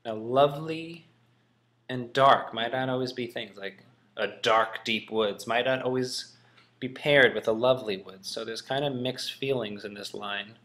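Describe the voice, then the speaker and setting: Relaxed man musing through a lesson. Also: medium pitch, a little slow. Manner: relaxed, musing, with frequent ums and hedges. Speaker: teacher. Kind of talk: casual classroom explanation.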